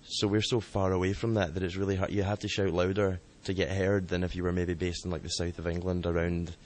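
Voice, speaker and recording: A man, the band's bassist, giving measured, hesitant interview answers. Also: little pitch movement. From Scotland. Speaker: band bassist.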